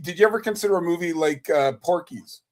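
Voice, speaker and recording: A man's voice: on the high side, quick pace, darkish tone. A man hosting a podcast, asking his guest long, rambling questions in casual conversation. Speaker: podcast host. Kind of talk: casual interview.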